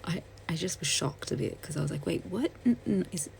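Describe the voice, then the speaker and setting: A woman telling a story while doing her makeup, soft-spoken and hesitant, with many fillers and restarts. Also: deep voice, expressive, a little fast, gravelly, slight background noise, low-quality recording. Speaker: beauty vlogger. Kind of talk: get-ready-with-me storytelling.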